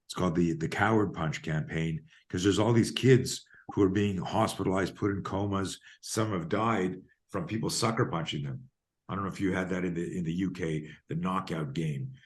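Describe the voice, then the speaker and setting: Deep low guy in his 50s, podcast guest, emphatic and animated when telling stories. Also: normal speed. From Canada. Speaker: guest, self-defense coach. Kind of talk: podcast interview storytelling.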